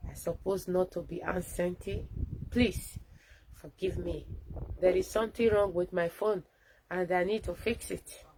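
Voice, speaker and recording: A woman's voice: on the low side, steady tone, unhurried, a little mellow, slight background noise, low-quality recording. A woman with a Nigerian accent giving a fervent, rallying address to viewers on a live phone video from a friend's home. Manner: fervent, rallying, mixing Pidgin and English. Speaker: activist broadcaster.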